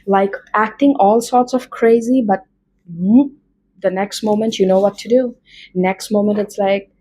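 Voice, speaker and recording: A woman's voice: medium pitch, steady tone, measured pace, warm tone, poor audio. A woman with an Indian accent doing a casual tarot reading, chatty and rambling with many fillers. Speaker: tarot reader.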